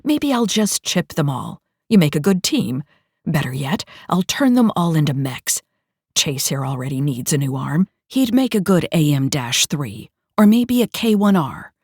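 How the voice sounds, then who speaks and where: A man's voice: a little high, very animated, unhurried, breathy edge, no room sound, clean studio sound, heavily acted. A woman voicing a smug, cruel dictator. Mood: smug menace. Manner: smug, taunting, cooing. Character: cruel scheming male dictator, menacing.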